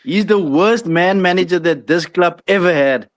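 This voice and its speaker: A man's voice: sits high, moderate pace, no room sound, clean studio sound. A man on a casual football call-in who speaks bluntly and emphatically. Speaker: caller.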